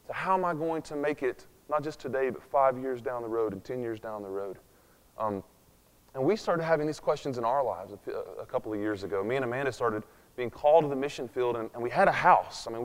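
A man preaching a sermon in a conversational way, with sarcastic asides and frequent fillers, before a room of listeners. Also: medium pitch. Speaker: pastor. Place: church hall with long reverb. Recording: echoey hall recording.

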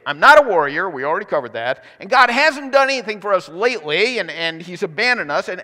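Preacher doing a frightened young man; high, exasperated, whiny, reverberant hall. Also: fairly bright tone, exaggerated voice. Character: frightened, complaining young Israelite man hiding.

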